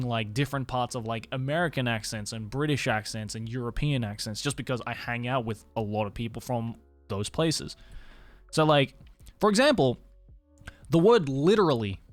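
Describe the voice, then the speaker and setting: A man's voice: medium pitch, no room sound. A man from Australia with an Australian accent, chatting casually with stream viewers, tired, rambling and swearing casually. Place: Tokyo.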